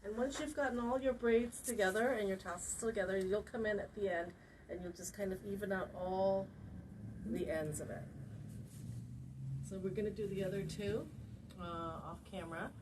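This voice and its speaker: A woman's voice: medium pitch, fairly even intonation, normal speed. A woman hosting a casual craft video, chatting and introducing her friend's demonstration. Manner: chatty, with fillers. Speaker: host. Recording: distant mic with noise.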